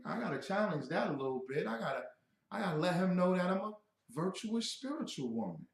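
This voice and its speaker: A man's voice: high-pitched, sing-song, fairly quick, vocal fry, roomy sound, distant mic, heavily acted. A man putting on the words of a defensive woman who was caught in a lie.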